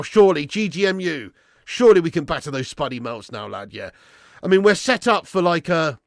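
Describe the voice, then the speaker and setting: A man hosting a football watch-along stream, chatting excitedly and with plenty of slang, his voice going hoarse. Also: on the high side, no room sound, studio quality. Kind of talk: live stream chat and match reaction.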